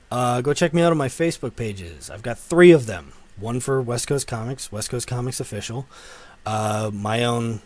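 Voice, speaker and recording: A man's voice: medium pitch, darkish tone. A man in his thirties, a comic writer, reading out fan questions and answering them in a loose, rambling way full of fillers and swearing. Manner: loose and profane, with many fillers and self-corrections. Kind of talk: casual solo Q and A to camera.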